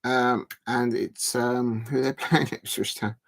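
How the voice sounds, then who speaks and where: A man hosting a live football watch-along, talking in a loose, rambling way at an ordinary middle pitch. He stretches his words out slowly while he types into the chat, and his chat keeps drifting from one point to the next. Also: fairly even intonation, gravelly.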